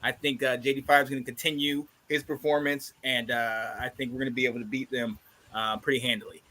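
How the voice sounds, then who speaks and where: A man's voice: mid-range voice, flat delivery, fast, sharp tone. A stuffed-up man hosting a casual football podcast, playful and hyped as he talks. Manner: hyped, playful, pep-talk delivery. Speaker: podcast host. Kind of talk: casual sports podcast chat.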